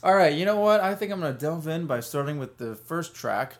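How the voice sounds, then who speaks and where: A man in his twenties co-hosting a casual podcast, talking in a relaxed, hesitant way full of restarts. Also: a little high, a little fast. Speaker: podcast co-host. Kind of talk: casual chat.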